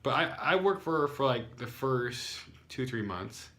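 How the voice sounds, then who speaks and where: A man's voice: mid-range voice, expressive, a little slow, pushed and bright. Young American man, casual vlog storyteller, rambling with sarcastic asides. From United States. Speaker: English teacher.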